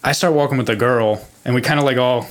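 A young man spins a spooky story on a podcast in a loose, rambling way. He swears freely and keeps restarting his sentences and padding them with fillers. His pitch sits in the middle. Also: quick pace. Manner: rambling, profane, lots of fillers. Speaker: podcast guest. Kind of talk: casual storytelling.

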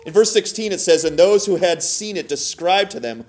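A man hosting a podcast, giving a casual Bible teaching in a conversational way, asking his listeners questions and swinging between emphatic and soft delivery. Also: high voice, animated, normal speed. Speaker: podcast host teaching scripture.

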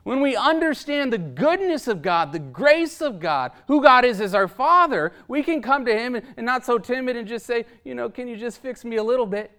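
A man's voice: very high-pitched, very animated, moderate pace, hardly any pauses, sharp tone. A man preaching a sermon in an emphatic, rhetorical style, often tagging his points with "right?" and chuckling between them.

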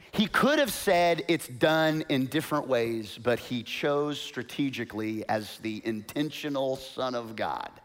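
A male pastor preaching a sermon, moving from hushed, quiet storytelling to loud, rising proclamation and calling on the congregation to repeat after him. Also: a little high. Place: church.

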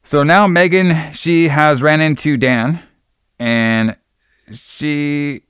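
A man's voice: on the high side, fairly even intonation, drawn-out words, a bit bright, clean tone, no echo, clean studio sound. A man casually recapping a horror movie as podcast co-host, rambling, swearing and laughing often.

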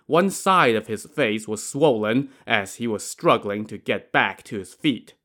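A man narrating a classic story on his podcast, with a wry and conversational touch. His voice sits at an ordinary middle pitch, and his delivery is scripted yet relaxed.

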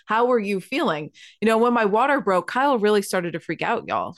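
A chatty woman with a lilt tells a family story to her co-host, laughing often. She talks casually and warmly addresses her listeners. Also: medium pitch, very animated, brisk, few pauses. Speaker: podcast co-host, wife.

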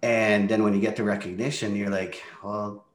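A man's voice: fairly low pitch, steady tone, brisk, slight background noise. A man who leads a real estate team, telling his story in a candid, reflective way during a casual interview. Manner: candid, reflective, drops into quoted asides. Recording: roomy echo.

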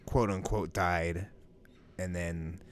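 A man's voice: deep voice, steady tone, takes it slowly, slight background noise. A man chatting casually as a podcast co-host, rambling loosely with plenty of fillers and swearing. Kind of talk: casual chat.

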